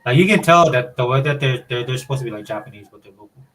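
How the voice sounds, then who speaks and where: A man from Hawaii with a Hawaiian accent, chatting casually as a podcast co-host in a relaxed, rambling way. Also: medium pitch, quick pace, rough recording. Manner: laid-back, rambling explanations. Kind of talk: casual chat.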